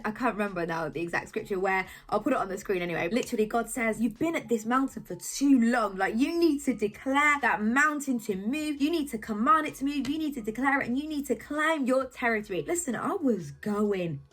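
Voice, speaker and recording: A young woman from England sharing a personal faith testimony in an emphatic, animated storytelling way. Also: on the high side, a little fast, few pauses. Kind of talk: casual testimony vlog.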